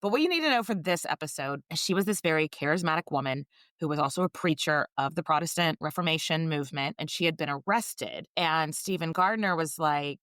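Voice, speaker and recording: A woman co-hosting a history podcast, chatting casually and joking, with plenty of swearing. Her pitch swoops animatedly, sitting somewhat low. The sound is close and dry. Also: fairly quick, no echo. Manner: swearing, jokey, animated storytelling. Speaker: podcast co-host.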